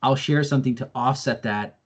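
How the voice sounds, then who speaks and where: A man's voice: mid-range voice, brisk, breathy edge. A man presenting an online training session in an earnest, explanatory way, with frequent fillers and repeated words. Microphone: video call microphone.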